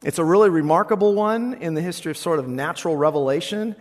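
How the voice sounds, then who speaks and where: A male pastor preaching a sermon, expressive, swinging between loud passages and hushed ones. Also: fairly high pitch, quick pace, big-room sound.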